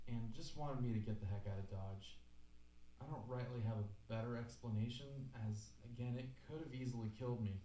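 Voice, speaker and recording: A man's voice: lowish voice, dark tone, close to an everyday voice. A man voicing a retired park ranger telling his forest story in plain, earnest narration. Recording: echoey room with faint hum.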